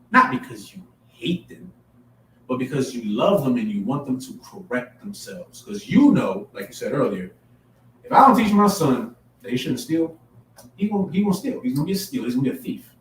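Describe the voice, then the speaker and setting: A man's voice: mid-range voice, sing-song, moderate pace. Emphatic preacher man in an echoey room. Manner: emphatic, rising to forceful peaks, repeats phrases. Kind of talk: street-style sermon to a camera audience. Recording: echoey room, mic at a distance, faint background hum.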